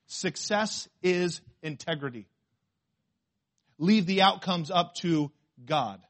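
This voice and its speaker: A man's fairly high voice delivers a sermon as a pastor, emphatic and packed with rhetorical questions. He swings between quiet asides and loud declarations.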